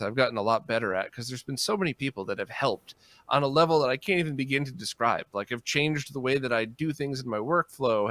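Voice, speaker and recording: Bright-voiced man, reflective podcast guest. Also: no room sound. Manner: reflective, acts out quoted reactions with big pitch jumps. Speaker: guest, musician who performs gigs. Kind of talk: casual podcast conversation.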